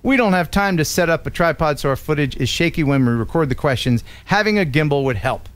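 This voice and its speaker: Male live-stream host, a bit high-pitched, casual and playful. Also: animated, brisk, no echo.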